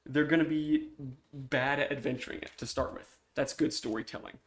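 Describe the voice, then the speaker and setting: A young man chatting on a live stream about his indie comic. He often breaks off mid-sentence and clears his throat. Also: mid-range voice, moderate pace. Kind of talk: casual live-stream chat.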